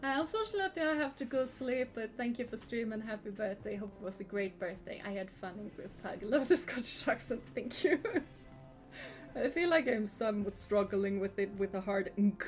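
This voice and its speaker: A woman's voice: medium pitch, moderate pace, faint music behind. A woman from Sweden, streaming a game in casual chat, giggling often and answering comments from chat.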